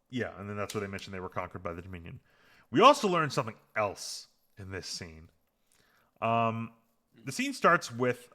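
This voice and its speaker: A man co-hosting a podcast, talking casually with lots of fillers and getting heated as he picks apart a TV episode. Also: fairly low pitch. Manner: rambling, filler-heavy, gets heated and animated. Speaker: podcast co-host. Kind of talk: casual chat recapping a TV episode.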